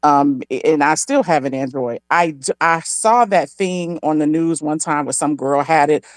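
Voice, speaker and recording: A woman chatting casually, telling stories and jumping into high quoted voices. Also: normal speed, dry recording, clean studio sound. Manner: animated storyteller, jumps into high-pitched quoted voices. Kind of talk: casual chat.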